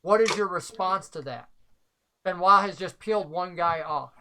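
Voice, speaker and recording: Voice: mid-range voice, moderate pace, pushed and bright, slight background noise, poor audio. A game master who narrates a tabletop game and explains the rules at length, thinking aloud.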